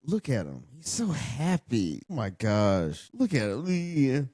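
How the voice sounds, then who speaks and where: A tired man rants through a late-night wrestling show, blunt, profane and mocking. His voice sits at an ordinary pitch and is recorded close and dry, with no room sound. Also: huge pitch swings, takes it slowly, dark tone, husky, dry recording. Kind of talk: casual ranting commentary over a live show.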